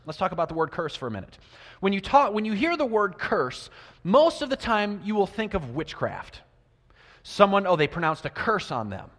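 A man preaching a sermon. He asks his listeners many rhetorical questions and swings between loud emphasis and quiet asides. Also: sits high. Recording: long reverb of a large hall.

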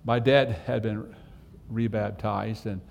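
A man's voice: on the low side, steady tone, takes it slowly, creaky, big-room sound. A man preaching a sermon as pastor, telling a folksy story and asking the congregation direct questions.

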